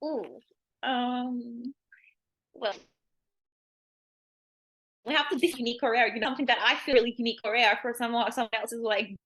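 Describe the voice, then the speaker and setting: A woman teaching languages chats freely in an interview. Her voice is bright and forceful and sits somewhat high. She rambles and fills her speech with "like," laughing easily. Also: steady tone, moderate pace, pauses often. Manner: rambling, frequent "like", laughs often. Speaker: language teacher, podcast guest. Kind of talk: casual interview chat.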